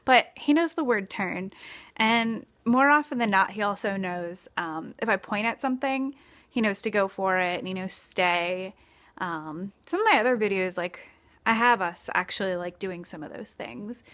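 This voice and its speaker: A woman's voice: mid-range voice, lively intonation, normal speed, fairly bright tone. Young woman, casual vlogger; chatty, filler-heavy, shot on a phone camera. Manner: chatty, lots of fillers, baby-talks to her dog. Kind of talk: casual vlog.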